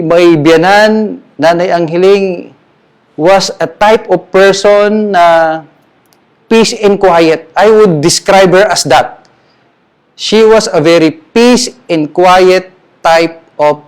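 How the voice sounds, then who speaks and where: Filipino man, middle-aged pastor, a bit higher voice, emphatic grieving sermon, mixes English with Tagalog. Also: takes it slowly, clear, resonant tone. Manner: switches between English and Tagalog, earnest and emphatic. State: grieving, emotional. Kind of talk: sermon at a memorial.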